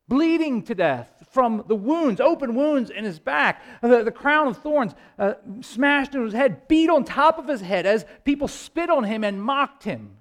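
A man preaching a sermon with impassioned delivery, swinging between loud rises and hushed low passages, with halting restarts. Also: expressive. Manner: impassioned, rising and falling, dramatic pauses.

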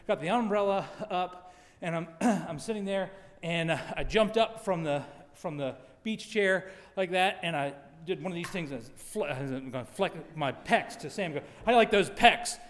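Middle-aged pastor preaching, fairly high voice, big echoey hall, punchy then hushed. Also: male voice, normal speed. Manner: emphatic preaching with quiet, mocking asides. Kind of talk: sermon. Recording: long hall reverb.

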